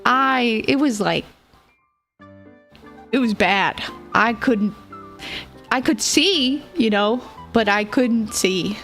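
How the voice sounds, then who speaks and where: Giggly, slow-talking woman streamer. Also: a little high, a bit bright, faint music behind. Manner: rambling, giggly storytelling. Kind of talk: casual livestream chat.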